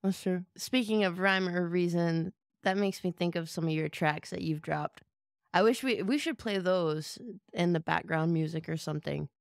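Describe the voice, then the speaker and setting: A woman's voice: lowish voice, normal speed, creaky, no room sound, clean studio sound. Chatty young woman co-hosting a podcast. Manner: chatty, many "like" fillers. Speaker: production assistant, co-host. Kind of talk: casual chat.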